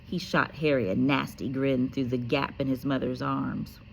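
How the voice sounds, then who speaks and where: A woman teacher reading a children's book aloud with lively expression and casual, chatty asides. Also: extremely low pitch, normal speed, creaky, slight background noise. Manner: animated, casual, self-correcting.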